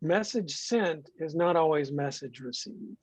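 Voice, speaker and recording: Higher-voiced man weighing in thoughtfully; dead-dry, muffled lo-fi pickup. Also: expressive, a little slow, dry recording. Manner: thoughtful, explanatory. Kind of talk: casual conversation. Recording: dry, dull lo-fi sound.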